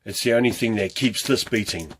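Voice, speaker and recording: A man's voice: fairly low pitch, brisk, a bit bright, breathy edge. A man talking to camera as a fitness coach, urging viewers with a string of earnest rhetorical questions. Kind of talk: motivational talk to camera.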